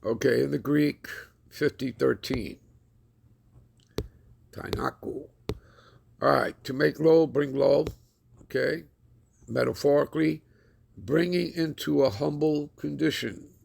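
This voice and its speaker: A man giving a scripture lesson with a deliberate, preacherly emphasis. He keeps checking in with his listeners. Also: fairly high pitch, gravelly, darkish tone, slight background noise. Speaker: Bible teacher.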